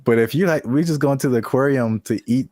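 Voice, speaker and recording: A young man co-hosting a casual talk show, animated and laughing often as he riffs and hypes. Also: medium pitch, fast, no room sound, clean studio sound. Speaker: podcast co-host. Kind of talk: casual chat.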